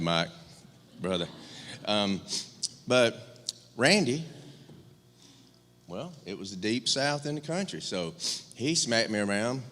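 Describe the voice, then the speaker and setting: A man's voice: on the low side, a bit bright. A middle-aged man from rural Georgia giving a eulogy for his older brother, telling candid stories with humor and many fillers. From rural Georgia, US South. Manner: candid, joking storyteller with many fillers and restarts. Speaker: eulogist, younger brother of the deceased. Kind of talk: eulogy at a memorial service. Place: church sanctuary. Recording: long church-hall reverb.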